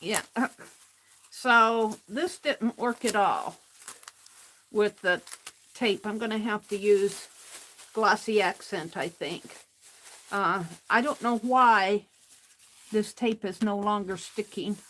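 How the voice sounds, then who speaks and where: A woman talks her way through a craft project at a slow, easy pace, half to herself and half to her viewers. Her voice sits in an ordinary middle range, with a faint hiss of noise under it. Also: mid-range voice, fairly bright tone. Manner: muttering to herself while working, slow and unhurried. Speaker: craft livestream host. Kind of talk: casual crafting commentary.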